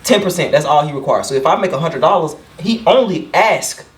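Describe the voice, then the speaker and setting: A man's voice: a little high, animated, brisk. A young man, a barber hosting a podcast, earnestly laying out his personal views in casual chat and often asking "you know what I'm saying". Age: young adult. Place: shop room. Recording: roomy sound from a distant mic.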